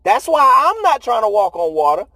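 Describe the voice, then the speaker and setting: Brief: high-voiced man, animated motivational preaching, slangy and conversational. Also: fairly quick, no room sound. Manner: conversational, slangy, laughs often. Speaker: motivational speaker.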